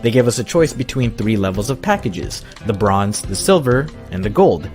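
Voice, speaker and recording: Man in his thirties, storytime narration, sarcastic and self-mocking, very animated pitch, faint music underneath. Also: normal speed.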